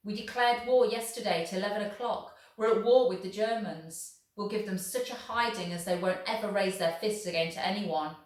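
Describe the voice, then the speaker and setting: A woman reading aloud, voicing a boastful middle-aged farmer father shouting excitedly. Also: medium pitch, normal speed, few pauses, recorded from a distance, natural voice. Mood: rousing. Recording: echoey room, voice off the mic.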